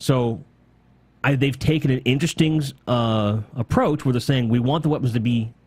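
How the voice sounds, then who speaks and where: A man hosting a laid-back gaming podcast, thinking out loud in long, rambling stretches and swearing now and then. His excitement bubbles up as he talks. The sound is dry and close, with no room around it. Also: medium pitch, normal speed, breathy edge, dry recording. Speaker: podcast host. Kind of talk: casual gaming podcast chat.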